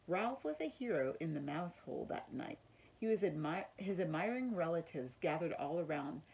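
Low, gravelly woman reading a chapter book. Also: darkish tone, rough recording. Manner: friendly, explains words. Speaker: teacher reading to a class. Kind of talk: read-aloud storytelling.

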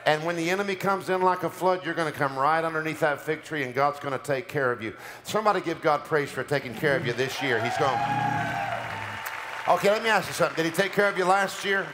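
A man preaching a sermon as pastor, calling out declarations for the congregation to repeat and rising to shouts, in a church sanctuary with music behind him. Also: a little high, fast, crowd noise, noisy background. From United States. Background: music playing under the preaching.

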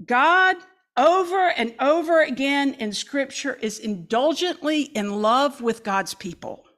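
A woman's voice: high-pitched, expressive, slow pace, fairly bright tone. A woman pastor preaching a sermon, reading scripture dramatically with folksy asides.

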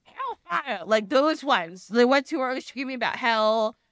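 Lively, rambling woman podcast guest. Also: fairly high pitch, normal speed, no room sound, clean studio sound. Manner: animated, rambling, laughs often, acts out quotes. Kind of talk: casual chat.

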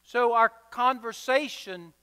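High-voiced emphatic preacher. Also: male voice, takes it slowly, pushed and bright, clean tone. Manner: emphatic, rhythmic repetition. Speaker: pastor. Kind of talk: sermon. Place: church sanctuary. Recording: reverberant church hall.

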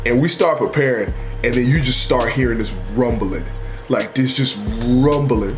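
A young man telling a comedic story, cursing freely and full of slang. He talks in a mid-pitched voice with steady energy, and music plays behind him. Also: moderate pace. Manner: profane, animated, slangy.

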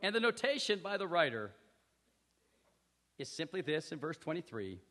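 A male pastor preaching a sermon with animated storytelling, acting out scenes, in a church hall. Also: on the high side, normal speed. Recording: echoey hall reverb.

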